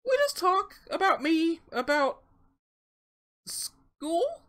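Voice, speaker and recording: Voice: very high voice, sing-song, drawn-out words, a bit bright, pitched above the performer's own voice, heavily acted. A reader voicing a six-year-old boy, talking in an earnest, chatty, childish way.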